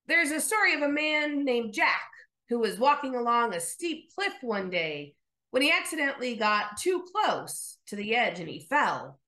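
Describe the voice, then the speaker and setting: A woman pastor telling a story in her sermon and leading a prayer, gentle and prayerful. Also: on the high side, big pitch swings, normal speed, reverberant.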